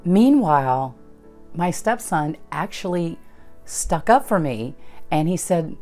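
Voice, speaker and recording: Over faint background music, the channel host, a woman, relates a personal story in an unhurried, expressive way. She has a low voice with a dark tone, and she reenacts what people said as she recounts events.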